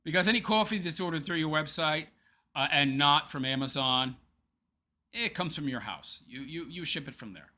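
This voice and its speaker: Animated, high, sharp-toned mocking man. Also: moderate pace. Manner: sarcastic and taunting, laughs often. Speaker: show host. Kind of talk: mocking commentary over a clip.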